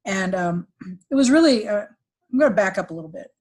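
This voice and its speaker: Middle-aged woman telling a sad family story, stops and restarts a lot, average pitch, jumps up when quoting people. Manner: halting, many restarts and fillers, quotes others in lively voices. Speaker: podcast guest, executive recruiter. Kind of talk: emotional personal storytelling.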